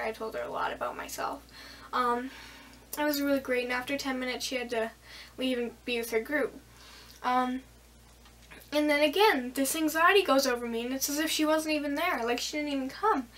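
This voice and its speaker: A woman's voice: high-pitched, normal speed, fairly bright tone, recorded from a distance, poor audio. A teenage girl vlogging a casual storytime, rambling and giggly with lots of fillers.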